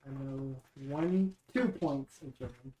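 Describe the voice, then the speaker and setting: A woman's voice: a bass voice, takes it slowly, dark tone, poor audio. A woman player in a tabletop game, talking hesitantly with fillers. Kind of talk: casual tabletop game chat.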